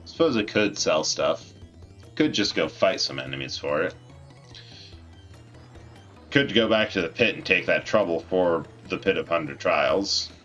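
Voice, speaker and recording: A man's voice: sits low, expressive, a little slow, long pauses, a bit bright. A man doing casual, laid-back gameplay commentary as a streamer, rambling and self-deprecating. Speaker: let's play streamer. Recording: dull lo-fi mic with faint game music.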